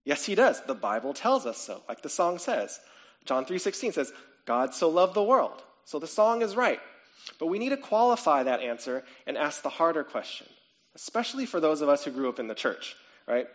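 A male pastor delivers a sermon in an easy, conversational way, peppering it with "okay?" and "right?". His voice sits a little high and climbs when he asks questions. The recording is muffled and lo-fi. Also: normal speed. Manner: conversational, frequent "okay?" and "right?" check-ins; animated, rising to excited questions.

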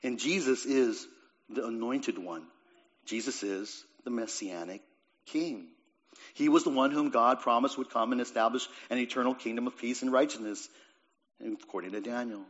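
A man at mid pitch preaches a sermon, pressing hard on some lines and letting others fall almost to a hush. He restarts and repeats words as he thinks aloud, and the recording sounds dull and lo-fi. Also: moderate pace. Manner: swings between raised emphatic lines and quiet, dropped phrases.

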